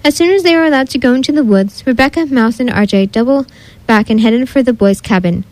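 A woman's voice: a little high, brisk, a little mellow, no echo, poor audio. Woman reading a children's story aloud.

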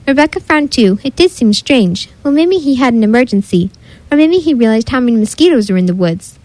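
A woman reads a children's story aloud with an expressive, animated delivery. Her voice sits fairly high, and the recording is dry and close. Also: brisk, dry recording, poor audio. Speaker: narrator. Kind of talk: storybook narration.

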